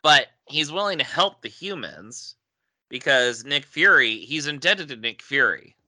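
A man in relaxed podcast talk, his voice bright and forward with a slow, unhurried pace. He laughs easily and trips over repeated words as he thinks aloud. The sound is close and dry, with no room around it. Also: medium pitch, no room sound. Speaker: podcast co-host. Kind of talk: casual chat.

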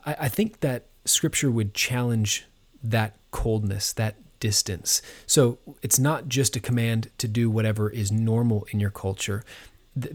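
A man's voice: on the low side, a little mellow. Earnest man preaching a sermon. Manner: earnest, measured teaching with frequent uh fillers and restarts. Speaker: pastor.

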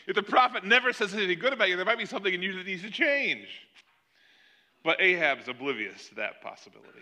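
A man delivers a sermon with a bright, forceful voice pitched a little high. He retells a Bible story with lively energy, slipping into the characters' lines as he goes. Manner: animated storytelling, acting out quoted lines. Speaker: pastor.

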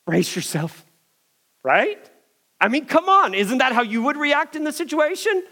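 A man preaching a sermon, telling a story in an animated way and swinging from loud emphasis to hushed moments. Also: extremely high pitch, normal speed.

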